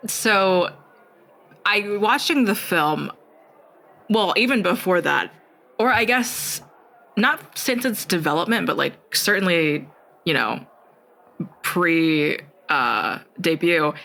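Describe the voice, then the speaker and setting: A young man co-hosting a comedy podcast, rambling and hesitant, quick to laugh. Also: high-pitched, expressive, creaky, pushed and bright, poor audio. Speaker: podcast co-host. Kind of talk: casual comedic chat.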